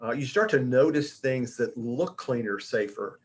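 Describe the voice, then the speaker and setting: A man's voice: mid-range voice, expressive, moderate pace. A middle-aged man giving an informal talk to colleagues as an education director, speaking conversationally with frequent fillers and restarts. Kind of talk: informal presentation.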